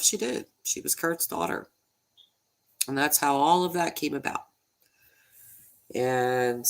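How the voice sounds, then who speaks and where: Her voice low yet fairly bright, a true crime YouTuber speaks informally during a livestream. She stumbles and repeats words, emotional and slightly nasal as she tries not to cry.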